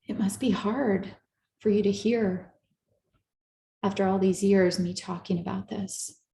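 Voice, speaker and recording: A woman therapist giving an earnest, coaching talk to a live audience, slowing down to stress her points. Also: medium pitch, steady tone, vocal fry, warm tone, roomy sound, slight background noise. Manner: earnest, coaching, slows down for emphasis. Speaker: therapist and speaker.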